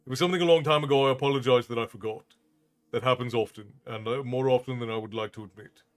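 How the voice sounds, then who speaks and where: An Irish man hosting a livestream talks fast in a mid-range voice. He chats casually with stream viewers, greeting them by name in a friendly, rambling way as a host and storyteller.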